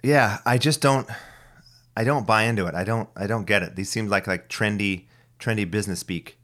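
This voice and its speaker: Podcast host, man in his thirties, very deep voice; loose, profane, rambling delivery. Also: normal speed, fairly bright tone. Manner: profane, ranting, full of restarts. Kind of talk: casual rambling monologue.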